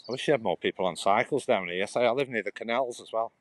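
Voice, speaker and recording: A man rambles casually to his livestream viewers while walking along an outdoor path, his voice sitting on the low side. He talks into a phone as he goes, and passing traffic can be heard behind him. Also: quick pace. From England. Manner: rambling, chatty, answers viewers' comments. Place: outdoors on a cycle path beside a road.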